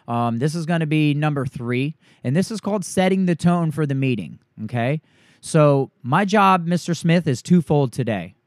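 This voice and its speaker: Man coaching a sales script, dry. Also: no echo. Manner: coaching, acts out the pitch to a homeowner.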